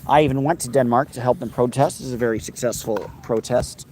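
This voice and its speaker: A man's voice: medium pitch, quick pace, darkish tone, slight background noise. A man hosting a casual outdoor livestream, chatting with viewers and reading their comments, playful and given to singing snatches of songs. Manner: playful, sings snatches of songs, reads viewer names aloud. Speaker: livestream host. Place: outdoors in a park.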